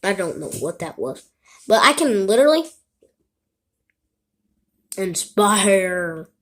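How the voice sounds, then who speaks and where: A woman's voice: mid-range voice, sing-song, slow. A woman talking to camera in a casual, rambling way, breaking off her own story and apologizing as she goes. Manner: rambling, self-interrupting, keeps apologizing. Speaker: vlogger.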